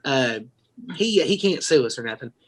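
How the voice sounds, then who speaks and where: Rambling man, animated storyteller. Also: medium pitch, a little slow, background noise. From Florida, US. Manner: rambling, profane, laughing storyteller. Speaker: podcast host. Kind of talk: casual storytelling chat.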